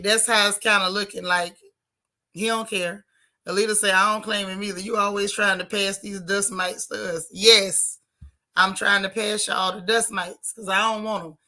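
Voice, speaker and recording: Bright-voiced chatty woman streamer. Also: medium pitch. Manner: chatty, teasing, dramatic exclamations. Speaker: vlog host reading chat. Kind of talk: casual livestream chat.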